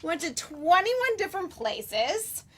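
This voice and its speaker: A woman in her forties chatting as an interview guest, bubbly and quick to laugh. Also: extremely high pitch, sing-song, fairly bright tone. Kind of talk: casual interview chat.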